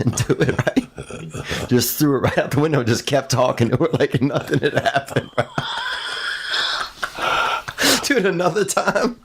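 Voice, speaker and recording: A man's voice: medium pitch, a little hiss or hum. A man in his thirties hosting a podcast, telling long rambling stories in slangy casual chat full of "bro" and "dude". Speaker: podcast host. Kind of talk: casual storytelling.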